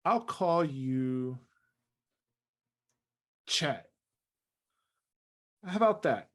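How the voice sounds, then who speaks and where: A man's voice: fairly high pitch, animated, drawn-out words. A man playing a tabletop game, trading sarcastic, joking banter in character. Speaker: player.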